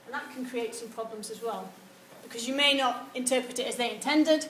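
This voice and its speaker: In an echoey lecture hall, a high-pitched university lecturer gives a brisk, lively talk to students on research methods, with a faint hum of noise beneath her voice. She's animated, acting out sample answers in quoted voices.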